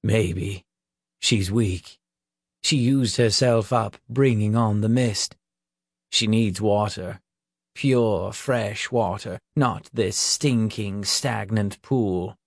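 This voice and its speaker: Sneery old witch as a guy puts her on, low and hushed, drags out her words, dry close sound. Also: slow, no echo. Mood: scornful.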